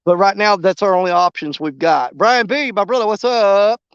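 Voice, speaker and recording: Chatting casually with his livestream viewers as he fishes outdoors by a river, this man speaks at a moderate pace in a high, fairly bright, smooth voice. He's easygoing and rambling, calling out viewers by name, and the recording has no echo but lacks high frequencies.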